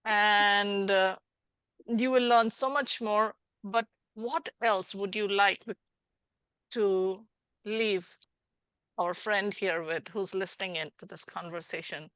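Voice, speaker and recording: A woman life coach hosting a conversational interview, animated and acting out little scenes as she explains. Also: mid-range voice, slow, clean tone, no room sound. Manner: animated, acts out little scenes with changing voices. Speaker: life coach and podcast host.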